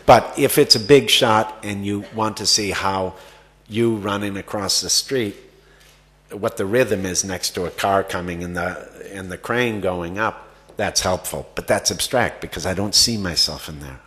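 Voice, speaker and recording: A man's voice: deep voice, unhurried, a bit bright. A man answering audience questions about acting at a festival Q&A, rambling with many fillers and restarts. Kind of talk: festival Q&A conversation.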